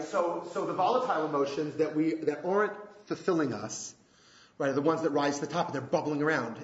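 A man leading a relationship workshop, asking the group rhetorical questions in an animated way. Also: medium pitch. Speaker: workshop leader. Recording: echoey room, dull lo-fi sound.

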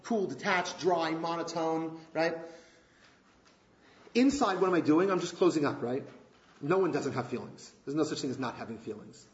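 A man leading a relationship workshop, asking the group rhetorical questions in an animated way. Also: on the high side, moderate pace. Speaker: workshop leader. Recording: echoey room, dull lo-fi sound.

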